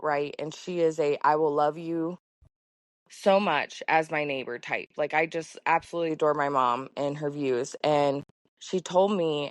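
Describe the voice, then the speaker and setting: A woman farmer talks through her story as a podcast guest, casual and heartfelt, with plenty of fillers. Her voice sits a little low. The sound is close and dry, with no room around it. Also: no echo. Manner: chatty, heartfelt, lots of fillers. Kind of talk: casual conversation.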